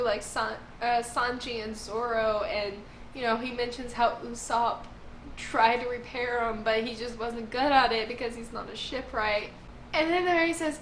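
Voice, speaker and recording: Young female reviewer, crisp bright tone, casual and effusive, echoey room. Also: a little high. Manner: gushing, emotional fan. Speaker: anime review host. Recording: roomy echo, faint noise.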